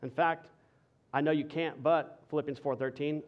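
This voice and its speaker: A male pastor preaching a sermon to his congregation, conversational and energetic, shifting into a soft, earnest intensity. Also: a little high, moderate pace, dull audio.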